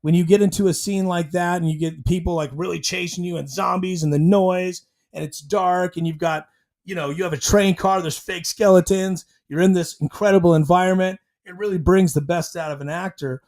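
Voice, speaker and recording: A man hosting his own show, rambling through an animated retelling of a TV episode and growling out sound effects. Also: high-pitched, a little fast. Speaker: host. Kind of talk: casual recap and commentary.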